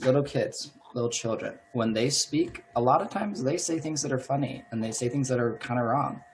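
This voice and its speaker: A male language teacher giving a lesson, switching between two languages and repeating each phrase slowly and patiently. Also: medium pitch, darkish tone, slight background noise, rough recording.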